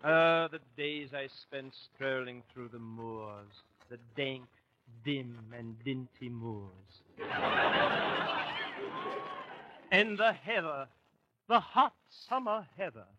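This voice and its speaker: A man's voice: sits high, very animated, a little slow, sharp tone, muffled recording, heavily acted. A man hamming up a pompous toff Englishman. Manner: blustering, full of posh slang. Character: pompous fake upper-class Englishman, man. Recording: old radio broadcast, hiss.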